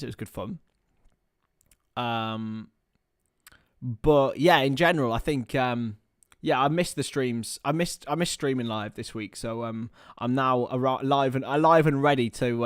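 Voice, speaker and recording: A man's voice: medium pitch, dry recording, studio quality. A young man hosting a casual live stream, rambling, joking about himself and reading out viewer comments. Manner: chatty, rambling, self-mocking, reads chat aloud. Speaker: livestream host. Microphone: webcam or computer mic.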